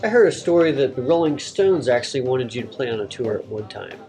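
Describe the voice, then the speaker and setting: A man's voice: medium pitch, animated, quick pace, darkish tone, faint music behind. A male podcast host asking a guest easygoing questions and answering with short backchannels. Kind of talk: casual interview questions.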